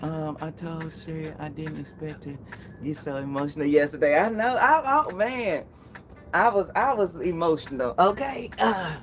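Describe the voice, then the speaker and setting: A woman's voice: low voice, animated, moderate pace, slight background noise. A woman in her forties hosting a casual live stream, chatting, laughing often and greeting viewers by name. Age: 40s.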